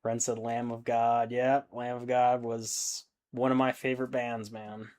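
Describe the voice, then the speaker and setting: A man's voice: medium pitch, flat delivery, a little slow, a little mellow, a little hiss or hum. A man in his thirties hosting a hobby stream, chatting casually and reading out viewer comments, rambling and swearing freely. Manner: laid-back, rambling, swears a lot.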